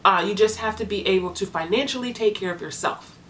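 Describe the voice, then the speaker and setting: A young woman talking casually to her viewers as a foster parent vlogger, chatty and animated, acting out the people in her stories. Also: mid-range voice, fast, slight background noise. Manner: chatty, animated storytelling with voiced quotes. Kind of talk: casual vlog chat to viewers.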